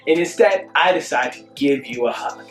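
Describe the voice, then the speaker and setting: A young adult man giving a casual motivational talk, animated and sing-song, often asking "you see what I'm saying?". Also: medium pitch, moderate pace, roomy sound, soft background music. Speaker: self-help vlogger.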